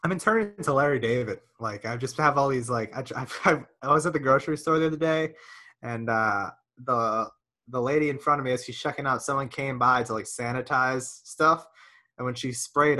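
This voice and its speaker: Fast, bright-voiced ranting man. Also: mid-range voice. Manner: profane, ranting storyteller, lots of "dude". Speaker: podcast co-host. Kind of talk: casual podcast chat.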